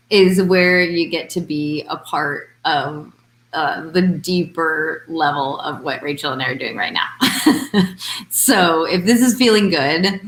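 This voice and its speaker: A woman's voice: deep voice, unhurried, a bit bright, reverberant. A woman coach chatting casually on a live video call, rambling and acting out quoted exchanges. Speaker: intuitive life coach.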